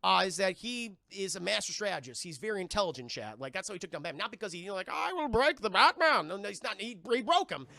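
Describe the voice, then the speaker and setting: A man giving a casual live-stream film review, animated and profane, talking straight to his chat. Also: high-pitched, fast talker, vocal fry, few pauses.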